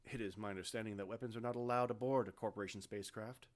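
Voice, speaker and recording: A man voicing a calculating male corporate leader who speaks in a quiet, measured way. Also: lowish voice, fairly even intonation, natural voice. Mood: scheming.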